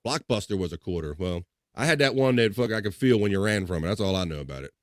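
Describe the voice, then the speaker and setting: A man's voice: fairly low pitch, expressive, quick pace, no room sound, studio quality. A man hosting a casual live stream, reading viewer comments aloud in a laid-back way and laughing often.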